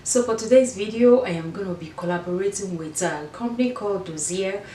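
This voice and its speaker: A woman's voice: medium pitch, a little fast, mellow, a little hiss or hum. Woman with African accent, casual vlog chat, rambling, roomy echo, mic set back from her. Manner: chatty and meandering, with frequent restarts. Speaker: fashion and beauty vlogger. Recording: echoey room, mic at a distance.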